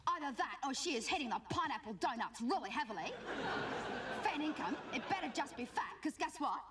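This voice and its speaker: Her voice sitting high with big pitch swings and a brisk pace, a woman performs a live comedy monologue as a gossipy, cheeky teenage schoolgirl with an Australian accent, nasal and whiny, full of "like" and "guess what". A distant stage mic captures a loud, laughing crowd, making it very noisy.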